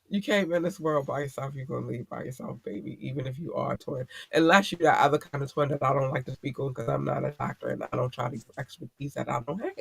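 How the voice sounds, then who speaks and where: A man's voice: on the high side, brisk, gravelly, no echo. A man hosting a podcast, giving blunt, profane advice in a casual monologue. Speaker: podcast host.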